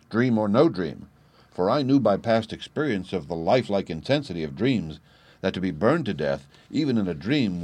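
Male first-person audiobook narrator, low voice, wry and expressive, dry studio sound. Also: dry recording. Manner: expressive, wry, animated in dialogue.

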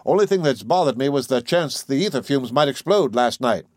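A man's voice: medium pitch, expressive, a little fast, no echo, clean studio sound, close to an everyday voice. A man reading aloud, voicing a blunt, fearless country doctor who talks in clipped, matter-of-fact bursts.

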